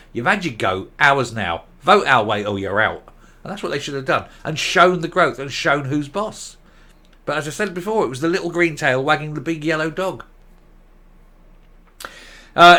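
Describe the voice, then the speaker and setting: A man's voice: medium pitch, sharp tone. A man giving opinionated political commentary, reading news quotes aloud and rebutting them with blunt sarcasm.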